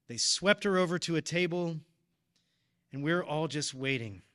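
A man's voice: on the high side, moderate pace, a bit bright. A man in his thirties preaching, telling a personal story in an earnest, emotional way. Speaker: deacon or preacher at a parish. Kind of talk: personal testimony in a sermon.

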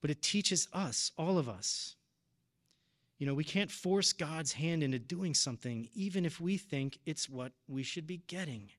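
A man in his thirties preaching, telling a personal story in an earnest, emotional way. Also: fairly high pitch. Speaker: deacon or preacher at a parish. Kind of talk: personal testimony in a sermon.

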